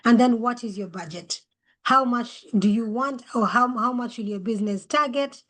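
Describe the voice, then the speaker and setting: Woman explaining pitch criteria on a call. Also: normal speed, a bit bright. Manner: explains judging criteria with many questions. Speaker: webinar facilitator. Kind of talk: online webinar talk.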